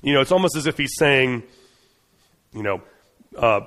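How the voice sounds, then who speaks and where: A man's voice: medium pitch, lively intonation, normal speed, pauses often, sharp tone. Man preaching in an echoing hall. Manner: conversational and earnest, with frequent restarts and fillers. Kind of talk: sermon.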